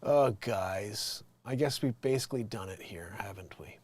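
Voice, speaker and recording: A livestream host thinks aloud in a loose, casual stream, his middling voice swinging from quiet, almost whispered mumbling to sudden loud excitement. He talks at a normal speed with few pauses, and there's no room sound.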